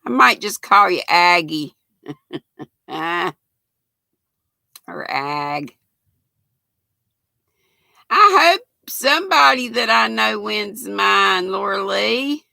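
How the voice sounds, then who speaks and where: A woman's voice: medium pitch, very animated, drawn-out words, creaky, pauses often, bright, forceful tone, dry recording. A woman, hosting a casual livestream and chatting as she reads out viewer comments and greets people by name. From United States. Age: 60s. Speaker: channel host reading live chat.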